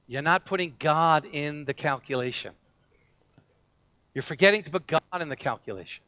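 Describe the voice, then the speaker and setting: A man's voice: fairly high pitch, moderate pace, pauses often, sharp tone, dry recording. A man preaching a sermon as pastor, telling stories animatedly and acting out the voices in them, with frequent restarts.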